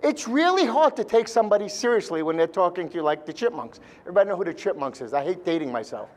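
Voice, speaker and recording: A man's voice: high-pitched, animated, fast talker. A man speaking live to a seminar audience, blunt and joking, with mild swearing.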